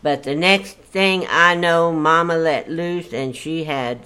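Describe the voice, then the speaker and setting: A woman's voice: deep voice, slow pace, bright, forceful tone, clean tone. An older woman telling stories from her life in a chatty, folksy, exclamatory way. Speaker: storyteller guest. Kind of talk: casual storytelling.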